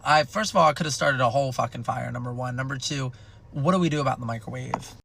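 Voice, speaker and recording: A young man telling a wild personal story in a casual, animated and heavily profane way. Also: medium pitch, fast, creaky. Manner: animated, profane, dramatic retelling.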